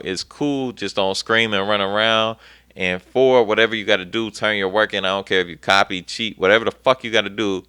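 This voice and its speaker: A young man hosting a podcast, telling a profane, animated story and acting out the dialogue. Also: on the low side, clear, resonant tone, dry recording. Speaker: podcast host. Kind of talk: casual storytelling chat.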